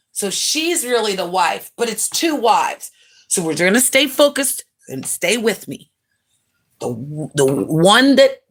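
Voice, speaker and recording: A woman hosting a livestream, chatting casually and gossiping to viewers in a slangy, profane way, with laughing asides. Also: breathy edge. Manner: animated, swings pitch up for greetings and quotes. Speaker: livestream host.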